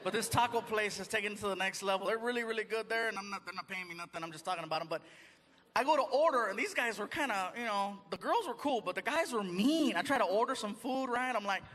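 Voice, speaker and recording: A man's voice: sits high, fast talker. A man performing stand-up comedy on a theater stage, telling stories animatedly and slipping into put-on voices. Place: large theater stage before a live audience. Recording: live theater recording with loud crowd laughter.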